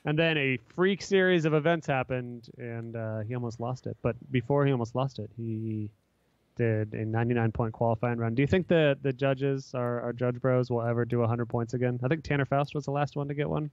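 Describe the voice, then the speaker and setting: A man's voice: mid-range voice, steady tone, fairly quick, darkish tone, no echo, highs cut off. A man hosting a casual podcast, talking in a laid-back, rambling, slangy way. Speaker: podcast host.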